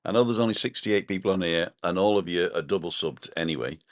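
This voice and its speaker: Deep-voiced man chatting live. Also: fast talker, no echo, studio quality. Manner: chatty, rambling, reads out viewer comments. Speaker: live-stream co-host. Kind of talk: casual live-stream chat. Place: home balcony.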